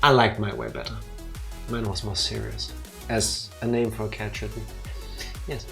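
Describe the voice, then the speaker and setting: A woman's voice: a bass voice, fairly even intonation, moderate pace, vocal fry, over music. A woman with a Danish accent co-hosting a let's play, chatting casually in a playful, teasing way with theatrical asides. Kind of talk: casual chat over gameplay.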